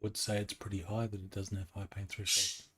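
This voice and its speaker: A man's voice: fairly low pitch, flat delivery, brisk, a bit bright, breathy edge. A man running a tabletop game as game master, explaining rules in a patient, matter-of-fact way.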